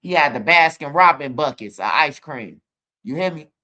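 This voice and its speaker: Bright-voiced Chicago man telling stories. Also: on the high side, animated, moderate pace. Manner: profane, rambling, fills lines with "bro"; talks straight to viewers, asks for comments. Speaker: channel host. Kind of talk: casual storytelling monologue.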